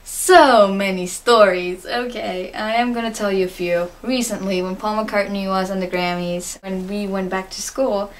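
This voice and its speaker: A woman's voice: mid-range voice, steady tone, normal speed, few pauses. A teenage girl in a casual vlog monologue, answering fan questions in a chatty, giggly, gushing way with lots of fillers. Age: teens.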